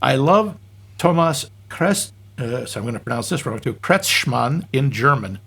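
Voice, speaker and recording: Husky, wry male podcast co-host. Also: medium pitch, animated, moderate pace, fairly bright tone. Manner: wry, joking, reads listener comments aloud. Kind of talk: casual film podcast chat.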